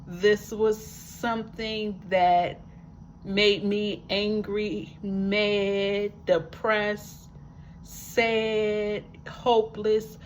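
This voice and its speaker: There's slight background noise as a woman with a medium-pitched voice talks to camera. A vlogger who lives with a disability and uses a wheelchair, she delivers a personal testimonial emphatically, with repetition for effect and folksy asides.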